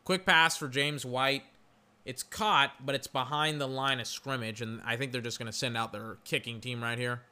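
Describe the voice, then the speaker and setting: A young man hosting a podcast, giving casual live football commentary with rambling fillers and loud bursts of frustration. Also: mid-range voice, fairly even intonation, normal speed, clean tone. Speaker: podcast host doing game commentary.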